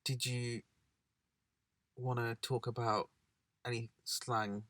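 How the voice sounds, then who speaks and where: A man's voice: medium pitch, level tone, slow pace, a bit bright, dry recording. A young man co-hosting a casual chat in a parked car, laid-back and rambling with plenty of fillers. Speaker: co-host.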